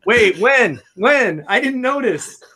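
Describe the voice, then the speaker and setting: A man's voice: very high-pitched, lively intonation, takes it slowly, a crowd in the background. A man co-hosting a wrestling podcast, joking around in crude, profane banter. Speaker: podcast co-host. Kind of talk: casual banter.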